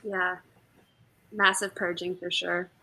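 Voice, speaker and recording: A woman's voice: on the low side, level tone, takes it slowly, gravelly, pushed and bright, low-quality recording. A woman chatting casually, giggling often. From Canada. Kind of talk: casual group chat.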